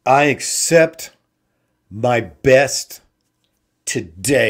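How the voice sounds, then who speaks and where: A man hosting an inspirational talk show, slowly repeating simple phrases with emphasis. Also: medium pitch, expressive. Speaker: host.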